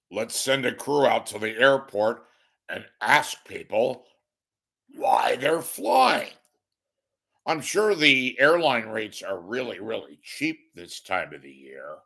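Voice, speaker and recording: A hoarse man delivering a sarcastic ranting monologue as a commentator. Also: mid-range voice, animated, takes it slowly, pauses often, a bit bright.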